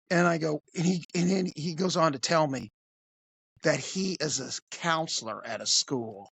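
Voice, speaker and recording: A man, a police officer, telling a crude story in an animated, conversational way. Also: fairly high pitch, normal speed, gravelly, breathy edge, no echo. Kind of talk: casual storytelling.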